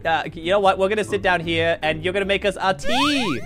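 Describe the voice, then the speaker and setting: A woman's voice: mid-range voice, fairly quick, over music, lightly acted. A woman playing a strict, bossy dad in a comedy game role-play, barking orders playfully.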